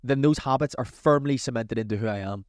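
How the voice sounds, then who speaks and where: A man's voice: medium pitch, quick pace, a little mellow. A man hosts his own advice podcast, talking in a chatty and motivating way. His voice sits in an ordinary middle range. The sound is dry and close, with no room echo. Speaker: podcast host and coach.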